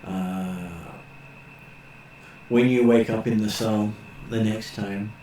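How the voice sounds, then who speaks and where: A man narrating as game master of a tabletop game, pausing often on fillers as he describes the scene. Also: on the low side, steady tone, dark tone. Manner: halting, many filler pauses. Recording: echoey room with faint noise.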